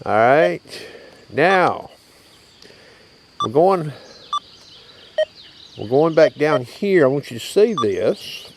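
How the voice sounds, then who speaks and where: Slow, lively-voiced man outdoors. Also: fairly high pitch, noisy background. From Tennessee, USA. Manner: folksy, drawling, keeps checking in with "okay?" and "you hear that?". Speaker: metal detecting channel host. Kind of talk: casual outdoor equipment demo.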